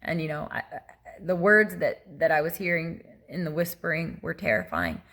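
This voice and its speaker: Brief: middle-aged woman, low gravelly voice, earnest halting personal testimony. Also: lively intonation, a bit bright. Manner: earnest, halting, many restarts and asides. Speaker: testimony vlogger. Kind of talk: personal testimony, casual storytelling.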